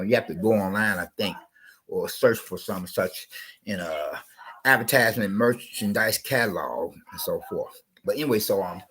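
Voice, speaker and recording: A man's voice: on the low side, fairly bright tone, a little hiss or hum, rough recording. A man with a cough telling a rambling, digressive story on his channel, often repeating himself. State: coughing, under the weather. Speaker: channel host.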